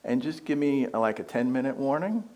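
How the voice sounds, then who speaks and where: A man's voice: mid-range voice, lively intonation, fairly quick, mellow. A man giving a conversational spiritual talk as a guest speaker, joking and asking the audience questions.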